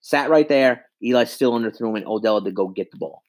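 A man in his twenties rants about his football team into a handheld mic, exasperated and profane. He loops back over the same complaints, and his voice sits at an ordinary middle pitch. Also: fast talker. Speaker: sports fan vlogger. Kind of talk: angry sports rant.

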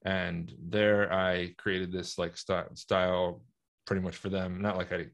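A man's voice: sits low, level tone, unhurried. A man with a North Jersey accent who is a guest in a casual chat, easygoing and laughing often.

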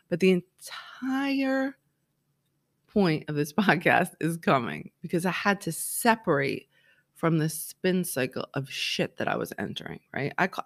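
Chatty rambling woman podcaster. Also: low-pitched. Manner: rambling, animated, full of "like" and "right?". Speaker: podcast host. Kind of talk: casual solo podcast monologue.

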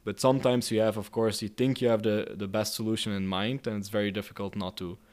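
A man with a fairly low, clear and smooth voice answers an interviewer's questions about mediating conflicts. He speaks thoughtfully and hesitantly, often restarting his sentences. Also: fairly even intonation, fast, darkish tone. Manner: hesitant, many restarts and fillers.

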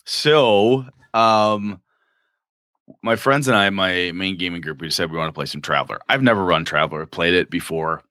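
Deep-voiced guy rambling about rpgs, dry mic. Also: normal speed, sharp tone, no echo. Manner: rambling, thinks aloud with restarts. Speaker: podcast co-host. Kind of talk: casual chat about role-playing games.

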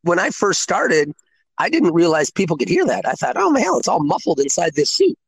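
A man's voice: high voice, a little fast, vocal fry, husky, rough recording. A man, a former sports mascot, telling funny stories in casual chat, laughing and acting out quotes. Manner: animated, laughing, acts out quotes.

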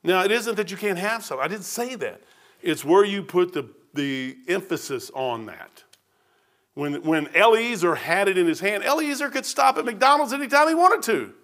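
High bright folksy pastor. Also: male voice, animated, moderate pace. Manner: folksy storytelling, self-deprecating humor. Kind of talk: sermon. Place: church.

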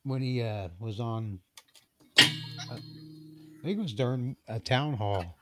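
A man's voice: mid-range voice, takes it slowly, over loud music. A man in casual, crude podcast banter who rambles and hesitates as he retells things.

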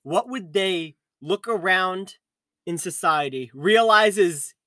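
A man's voice: high-pitched, takes it slowly, pushed and bright, dry recording. A man co-hosting a podcast in casual chat, joking and teasing as he steers the topic. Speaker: podcast co-host.

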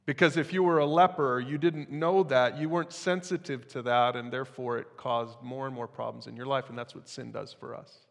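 A man's voice: medium pitch, fairly even intonation, brisk, gravelly, hardly any pauses, a bit bright, in a large hall. A man preaching a sermon as pastor, in a conversational style with casual asides to the congregation.

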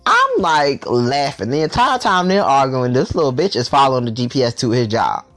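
A man's voice: mid-range voice, very animated, normal speed, fairly bright tone. A young man telling a story in a casual vlog, sassy and profane, with lots of energy.

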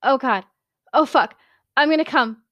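A woman voicing an excitable young man who blurts things out breathlessly in a story reading. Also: high-pitched, normal speed, smooth, no echo, studio quality, pitched above the performer's own voice, lightly acted. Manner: breathless, loud outbursts.

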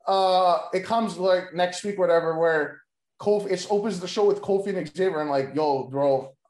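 A man with a fairly high voice rambles through a casual chat, leaning on filler words and swearing freely. He is recorded in a roomy space with a noticeable echo. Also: steady tone, normal speed, darkish tone. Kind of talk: casual chat pitching wrestling storylines.

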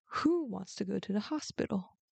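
A woman's voice: mid-range voice, expressive, moderate pace, vocal fry, a little mellow, breathy edge, no room sound, full character voice. A woman voicing a sly, greedy male fox who fakes pain and mocks, in a dry storybook reading. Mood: mocking. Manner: sly, mocking, fake moaning.

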